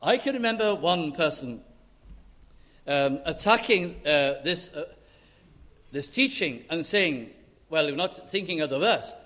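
An earnest man preaching with emphatic phrasing and long pauses. His voice sits fairly high for a man. The sound rings out with a long hall reverb. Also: lively intonation, sharp tone. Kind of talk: sermon.

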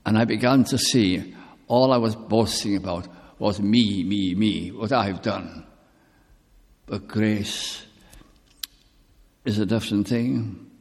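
An older man preaching a sermon with personal testimony, speaking slowly and deliberately, drawing out key words. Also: lowish voice, slightly rough. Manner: slow, deliberate, drawn-out emphasis. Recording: long reverb in a hall.

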